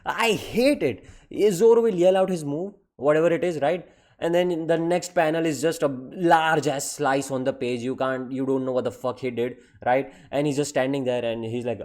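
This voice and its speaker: A man's voice: a little high, normal speed, a little mellow. A man delivering a profane, exasperated comedic rant. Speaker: anime commentary creator.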